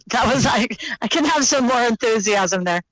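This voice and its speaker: Slow-talking playful radio caller. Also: mid-range voice, expressive, fairly bright tone, no room sound. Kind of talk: casual call-in chat.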